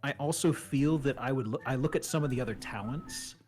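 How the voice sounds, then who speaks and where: A man chatting as a guest, telling stories in a rambling, animated way with many restarts. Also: mid-range voice, a little fast, faint music behind. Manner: rambling, animated storytelling with laughs. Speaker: guest streamer. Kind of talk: casual chat.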